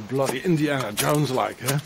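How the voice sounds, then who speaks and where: A travel vlogger rambles through a walking tour of castle ruins in a forest, muttering asides and slang into his handheld camera mic outdoors. His mid-range voice moves at a normal speed with some vocal fry, and background noise is audible.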